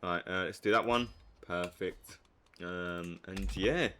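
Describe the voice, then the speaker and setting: Excitable man streaming a strategy game. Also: unhurried, slight background noise. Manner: excitable, swings from low muttering to hyped shouting. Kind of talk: live gameplay commentary.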